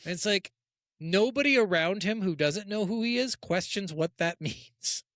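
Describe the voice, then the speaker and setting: Lively high-voiced man, podcast co-host. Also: moderate pace, no room sound, studio quality. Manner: animated, laughing, acts out film characters in mocking voices; swears freely. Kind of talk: casual chat.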